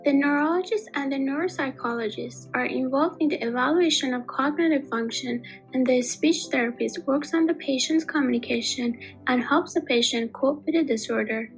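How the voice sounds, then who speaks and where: A woman giving a scripted narration for an educational video in an even, explanatory reading manner. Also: sits high, moderate pace, poor audio. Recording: faint music behind the voice.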